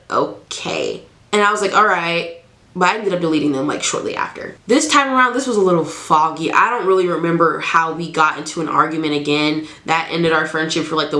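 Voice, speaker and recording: A young woman tells a personal story to her camera in a frank, chatty way. Her voice is bright, and it rings a little in an echoey room. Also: mid-range voice. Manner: chatty, frank, animated, acts out quoted lines. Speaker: storytime vlogger.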